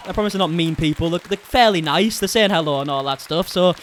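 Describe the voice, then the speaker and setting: A young British man doing casual reaction commentary from his flat, chatty and animated, tagging lines with "okay?" and "eh?". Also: fairly high pitch, fairly quick, hardly any pauses, slight background noise. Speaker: commentary YouTuber. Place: small flat.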